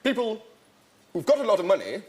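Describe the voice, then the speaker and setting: A man's voice: sits high, wildly swooping pitch, brisk, darkish tone, slight background noise. A man playing a posh whimsical art critic. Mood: deadpan whimsical. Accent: posh southern English. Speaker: comedy sketch actor.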